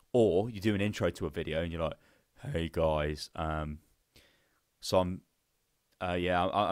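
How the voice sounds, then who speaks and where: A man's voice: low-pitched, no room sound, studio quality. A young man with a headset, hosting a live Q&A in a rambling, profane, casual way. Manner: rambling and profane, with lots of fillers. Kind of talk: casual chat.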